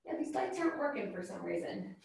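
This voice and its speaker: A woman's voice: fairly high pitch, big pitch swings, fast talker, gravelly, a little mellow, slight background noise. Chatty woman teaching in an echoey room. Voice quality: rambling, chatty, many restarts and fillers. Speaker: spiritual teacher. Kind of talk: informal online class.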